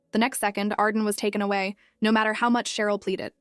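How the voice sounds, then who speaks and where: A woman narrating a story recap in a steady, even, scripted delivery. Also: mid-range voice, quick pace, smooth, dry recording, clean studio sound, faint music behind.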